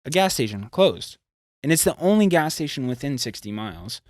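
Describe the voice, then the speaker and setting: A young man from California, a podcast guest, telling a road story in a casual, profane, animated way. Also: mid-range voice, brisk, dry recording, clean studio sound. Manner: animated, profane, acts out quotes.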